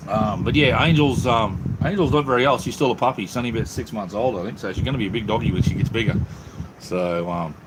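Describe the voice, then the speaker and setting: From his home workshop, an Australian man hosts a casual live chat, laid-back and calling everyone mate. His voice is lowish and quick, with background noise behind him.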